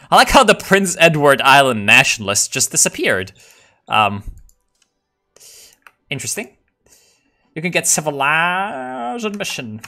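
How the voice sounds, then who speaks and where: A man giving casual commentary while playing a strategy game, excitable and profane, full of ironic meme slang. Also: on the high side, measured pace, pauses often.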